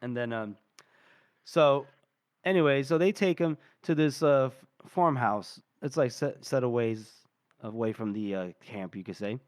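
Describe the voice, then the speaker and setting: A man co-hosting a book podcast, casually retelling scenes and acting out the characters' lines between laughs. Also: medium pitch. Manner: retells scenes with quick voiced quotes and laughter. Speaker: podcast co-host.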